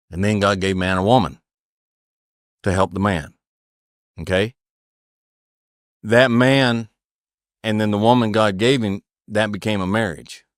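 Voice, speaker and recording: A man's voice: on the low side, clear, resonant tone, no room sound, clean studio sound. Earnest, preachy middle-aged man. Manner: earnest, preachy, repeats phrases for emphasis. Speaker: podcast guest. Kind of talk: conversational storytelling and advice.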